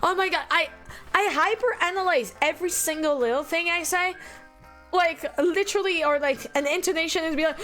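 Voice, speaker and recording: A woman's voice: very high voice, fairly quick, pushed and bright, soft background music. A young adult woman streaming and chatting casually, rambling and giggling often while teary and emotional. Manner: giggly, rambling, self-deprecating.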